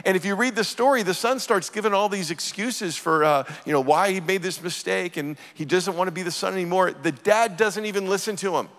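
Earnest pastor in a reverberant hall. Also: male voice, high voice, fairly quick, hardly any pauses, a bit bright. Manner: earnest, emphatic scripture reading. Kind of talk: sermon.

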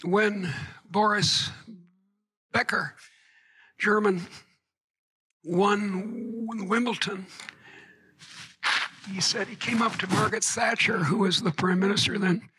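A man giving a public lecture to an audience, halting and repeating words, with wry asides. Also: sits high, steady tone, pushed and bright, husky, rough recording.

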